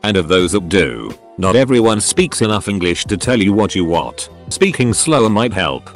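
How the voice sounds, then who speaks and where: A man's voice: on the low side, big pitch swings, normal speed, faint music behind. A man narrating forum posts as scripted narration, reading abbreviations letter by letter.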